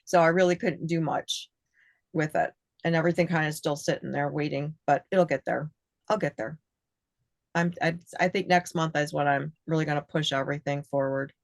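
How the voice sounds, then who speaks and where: A woman's voice: low-pitched, steady tone, normal speed, vocal fry, no room sound. A woman sharing her personal story in a casual group session, earnest and rambling, acting out bits of dialogue. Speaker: workshop participant.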